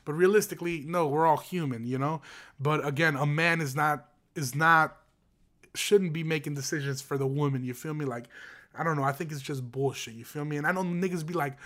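A man's voice: on the high side, fairly quick, fairly bright tone. Profane, heated young man ranting. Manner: profane, slangy, heated and rambling with many fillers. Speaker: podcast host. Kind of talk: casual opinion rant.

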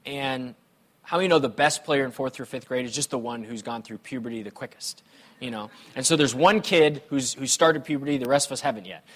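A male pastor preaching a sermon, telling personal stories in a conversational, playful way. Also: medium pitch. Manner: conversational, animated storytelling with playful humor.

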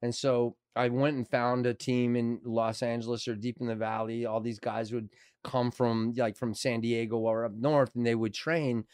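Animated middle-aged man, smooth voice. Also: medium pitch, moderate pace, no room sound, clean studio sound. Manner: animated, acts out quotes with swearing. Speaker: actor guest. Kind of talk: casual storytelling.

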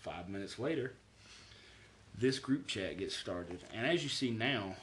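A man in his twenties tells a story in relaxed chat, his voice sitting a little low. He laughs often and reads out messages in a flat voice. A faint hiss runs under the recording. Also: a little slow. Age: 20s. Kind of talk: casual chat.

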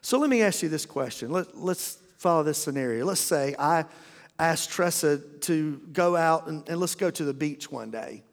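A man's voice: a little high, expressive, normal speed. A middle-aged male pastor preaching a folksy, humorous sermon in a church, often restarting his sentences. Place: church auditorium. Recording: long reverb of a church hall.

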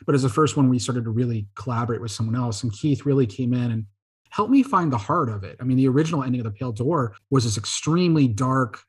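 Podcast guest, male, husky voice, animated anecdotal storyteller. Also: medium pitch, fast. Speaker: guest filmmaker. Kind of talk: casual podcast interview.

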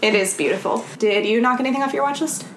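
A woman from California with a fairly high voice tells a story in casual chat and acts out quotes as she goes. She sounds animated and talks with plenty of fillers. The room has a clear echo. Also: fast, a little hiss or hum. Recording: echoey room.

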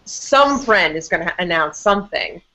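A woman's voice: fairly low pitch, lively intonation, moderate pace, sharp tone, poor audio. A woman chatting casually on a podcast, earnest and a little hesitant, often restarting her words. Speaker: podcast guest.

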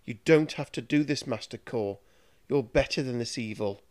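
A man's voice: medium pitch, normal speed, darkish tone, lightly acted. A man voicing a timid young male apprentice pleading with his master.

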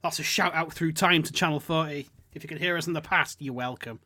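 A man's voice: on the high side, fairly quick, sharp tone. A man hosting a podcast, ranting and swearing in casual mocking chat. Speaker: podcast host.

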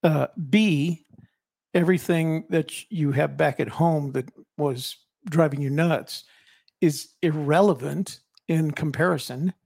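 Gravelly man musing in a rambling chat. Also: a little high, a little slow, darkish tone, no echo, studio quality. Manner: rambling, reflective, many restarts. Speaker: co-host and author. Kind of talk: casual chat.

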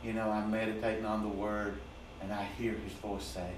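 Preaching slowly and emphatically, a man repeats phrase after phrase in a sermon, his lowish voice showing little pitch movement. The church is very echoey, the mic sits far from him, and a faint hum lingers in the room.

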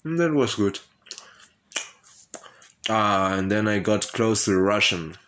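Slow, low-voiced man rambling candidly. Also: lively intonation, fairly bright tone, slight background noise. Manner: hesitant and profane, with frequent laughs and fillers. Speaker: vlogger telling his life story. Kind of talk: rambling personal monologue.

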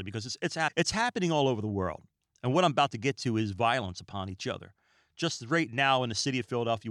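A man hosting a podcast, talking in a calm, relaxed, rambling way and often stumbling over his words, recorded in a small room lined with books. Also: medium pitch, no room sound, clean studio sound. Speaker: podcast host. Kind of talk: casual podcast monologue.

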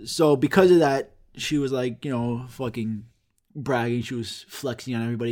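A man's voice: mid-range voice, fairly even intonation, moderate pace, a little mellow. A young man telling a rambling, profane comic story in casual chat, throwing in sound effects.

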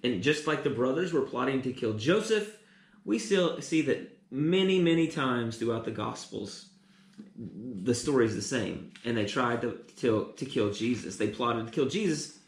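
A man's voice: mid-range voice, animated, a little slow, reverberant. A man preaching a teaching sermon, often repeating and restarting words.

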